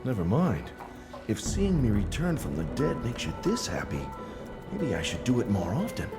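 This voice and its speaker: A man's voice: fairly low pitch, wildly swooping pitch, moderate pace. An actor voicing a sardonic male adventurer in a video game, who speaks in dry, witty remarks. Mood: wry. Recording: game music behind the voice.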